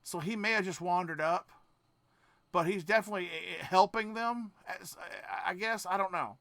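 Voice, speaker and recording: A man hosting a reaction video, cursing and ranting as he goes, dropping to mutters and then bursting into shouts, often trailing off and restarting his sentences. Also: high voice, normal speed, creaky, no room sound. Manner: profane, ranting, swings between mutters and shouts. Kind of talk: casual reaction commentary.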